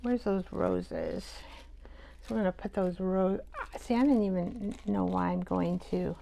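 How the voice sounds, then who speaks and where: A woman hosting a live art show, chatting and thinking aloud as she works, with soft half-whispered asides. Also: mid-range voice, animated, measured pace, gravelly, dull audio. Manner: chatty, rambling, talks to herself while working.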